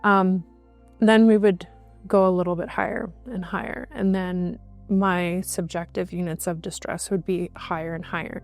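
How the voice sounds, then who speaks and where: A woman guest recounting a personal experience in conversation, halting, with frequent restarts and fillers. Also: fairly low pitch, fairly even intonation, darkish tone, soft background music. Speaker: interview guest.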